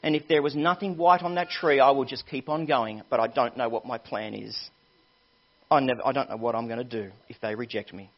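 A preacher voicing a nervous young ex-prisoner. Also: male voice, mid-range voice, fairly quick, lightly acted. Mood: anxious. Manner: nervous, remorseful confession. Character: anxious young man returning from prison. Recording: dull lo-fi sermon recording.

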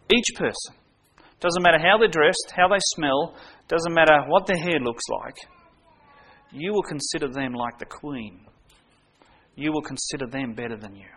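A man's voice: fairly high pitch, fairly bright tone. A man preaching a sermon, earnest, making his points with everyday stories and direct questions to the congregation.

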